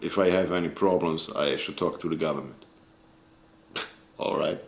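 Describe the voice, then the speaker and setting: Deep-voiced man ranting angrily, echoey room. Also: steady tone, moderate pace. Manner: angry, profane, searching for words. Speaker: video creator. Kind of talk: casual rant to camera.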